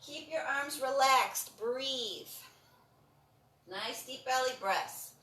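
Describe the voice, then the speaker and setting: A woman leading a breathing and stretching class, giving calm, encouraging cues and repeating them often. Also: sits high, drawn-out words, far from the mic. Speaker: breathing and movement instructor. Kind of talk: guided exercise instruction. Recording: roomy sound from off the mic.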